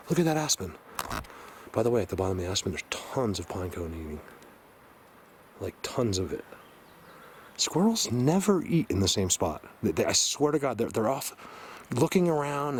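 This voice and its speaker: Male outdoor vlogger, keyed-up and chatty, lively voice, mid-range pitch, walking outdoors with a handheld camera. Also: slight background noise. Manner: excited, points things out to viewers. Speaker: vlogger exploring a forest. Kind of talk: casual walk-and-talk. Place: forest outdoors, hiking uphill.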